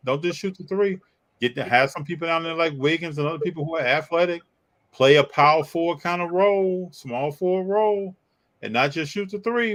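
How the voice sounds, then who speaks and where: Animated man reading live chat. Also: poor audio. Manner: animated, teasing, pitch jumps up when joking. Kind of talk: casual live-stream sports chat.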